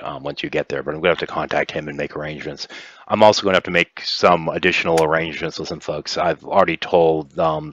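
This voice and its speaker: A man narrating as game master in a relaxed, rambling way. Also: rumbling low, dry recording. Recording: dull dry lo-fi recording.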